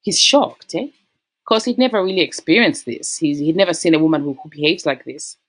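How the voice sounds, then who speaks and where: A woman's voice: low-pitched, brisk. A woman casually retelling a relationship story, acting out the quoted lines. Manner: acts out quoted voices with lively shifts.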